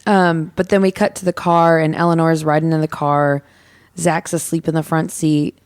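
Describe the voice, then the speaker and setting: A woman's voice: low-pitched, flat delivery, normal speed, darkish tone, clean tone, no room sound, clean studio sound. A woman co-hosting a podcast, recapping a film scene in casual chat, with lots of ums and quoted lines. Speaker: podcast co-host.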